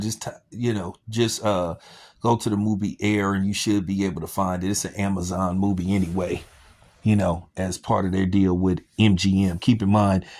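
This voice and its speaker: Male vlogger host, lower pitch, loose joking delivery with lots of fillers. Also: a little mellow. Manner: rambling, joking and sarcastic, with many fillers. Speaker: sneaker news vlogger. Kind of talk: casual chat.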